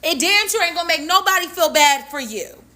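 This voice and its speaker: Very high, sharp woman scornfully ranting. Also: expressive, fairly quick. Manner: scornful, insulting. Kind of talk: casual rant.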